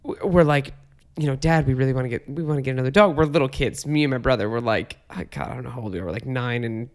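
A man's voice: mid-range voice, fast talker. A man hosting a podcast, telling stories casually in a laid-back way and swearing freely. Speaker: podcast host.

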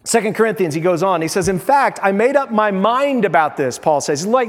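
High-voiced preaching man in a reverberant hall. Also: fairly quick, hardly any pauses. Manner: animated preaching, acts out quoted voices. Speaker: pastor. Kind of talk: sermon.

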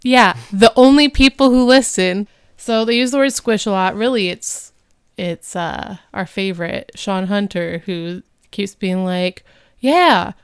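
A woman co-hosting a casual podcast, wry and animated as she talks through an old sitcom episode. Her voice is smooth and clear. The recording is close and dry. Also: mid-range voice, no room sound. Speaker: podcast co-host. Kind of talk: casual rewatch podcast chat.

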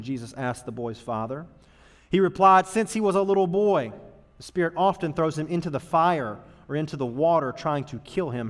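A man preaching as a youth pastor in a church auditorium, talking in a casual, earnest way that moves from loud emphasis to hushed tones. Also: medium pitch. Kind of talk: sermon to youth group. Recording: long hall reverb.

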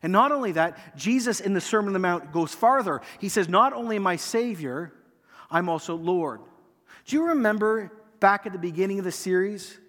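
A pastor preaching in a sanctuary, his voice sitting high for a man. He acts out the lines he quotes and lets many phrases fade to a near hush. A long reverb trails behind him through the hall. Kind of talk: sermon.

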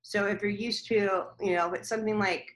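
A woman's voice: medium pitch, steady tone, moderate pace, background noise. A woman guest in a casual interview, chatty and eager as she relays messages she says she receives. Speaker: guest medium.

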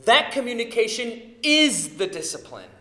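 A man in his thirties preaching a sermon, telling family stories with lively acted-out quotes. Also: very high voice, normal speed, echoey room. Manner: animated storytelling, acting out quotes. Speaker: pastor.

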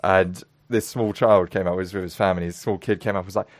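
Low-voiced man telling stories. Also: quick pace, no echo. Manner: animated storyteller, acts out voices, laughs often. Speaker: podcast host. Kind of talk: casual chat.

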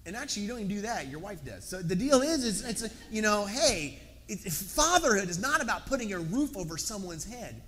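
A man's voice: high-pitched, big pitch swings, fairly quick, a bit bright. A middle-aged man with a Southern US accent, preaching an emphatic sermon and repeating words for stress. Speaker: pastor. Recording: echoey hall, faint background noise.

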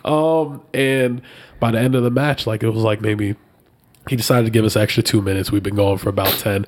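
A man with a stuffy, nasal cold voice, chatting casually and telling lively stories, acting out quotes and laughing at himself. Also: a little fast. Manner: animated storyteller, acts out quotes in high voices, self-mocking laughs. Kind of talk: casual chat.

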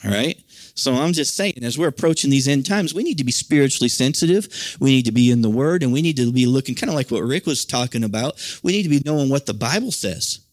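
A man's voice: medium pitch, expressive, fast, no echo. American male pastor, conversational sermon delivery, dry close recording. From United States. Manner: earnest, conversational preaching with frequent fillers.

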